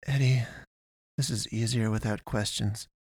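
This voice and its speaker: A man voicing a cold, deadpan young woman who guides the dead, speaking flatly and firmly. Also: fairly low pitch, breathy edge, no room sound, studio quality. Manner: flat, curt, slow and firm.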